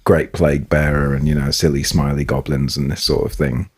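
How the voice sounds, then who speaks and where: A man's voice: a bass voice, level tone, fairly quick, slightly rough. A man co-hosting a podcast, telling stories in casual chat with hesitant restarts. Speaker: podcast co-host.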